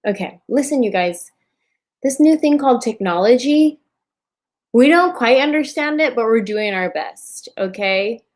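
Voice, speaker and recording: She sounds a little high, with lively intonation and a measured pace. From a borrowed bedroom, this woman hosts an easygoing livestream chat show, joking playfully through technical trouble over a laptop microphone.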